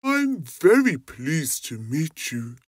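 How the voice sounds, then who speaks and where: Old owl guy, wise and kind, low husky voice, slow, lady putting it on. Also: big pitch swings, no room sound, clean studio sound, full character voice. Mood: kindly. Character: wise old male owl, kindly and calm.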